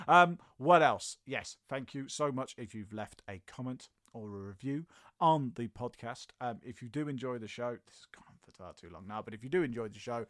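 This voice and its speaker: A man's voice: mid-range voice, expressive, moderate pace, a bit bright, no room sound, studio quality. A man co-hosting a comedy history podcast, rambling through a casual, jokey outro, correcting himself as he goes and sounding a bit tired. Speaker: podcast co-host.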